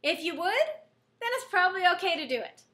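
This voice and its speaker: A woman's voice: very high-pitched, sing-song, fairly quick, sharp tone. A middle-aged woman school counselor giving a classroom lesson to students, earnest and explaining with everyday examples.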